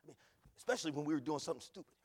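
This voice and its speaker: A man preaching a sermon as pastor, repeating phrases and swinging from loud bursts to quiet asides. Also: a little high, rapid-fire, breathy edge, long reverb tail. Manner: emphatic, repetitive preaching with big swings in loudness. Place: church.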